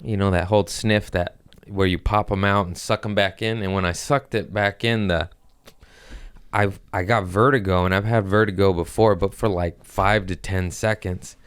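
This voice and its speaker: A man's voice: low-pitched, fairly even intonation, normal speed, clear, resonant tone, no echo. A man hosting a comedy podcast, telling profane stories in casual chat and acting out what people said. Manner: profane storytelling with acted-out quotes.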